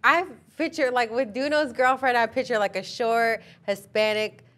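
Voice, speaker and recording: A woman guest in a casual chat, chatty and asking quick questions. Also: fairly high pitch, steady tone, fairly bright tone. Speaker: podcast guest.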